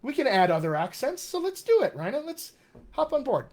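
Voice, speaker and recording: A man's voice: very high-pitched, very animated, fairly quick, darkish tone. A man hosting a live question-and-answer stream as a dialect coach, upbeat and encouraging as he answers viewers one by one. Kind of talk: casual live-stream chat.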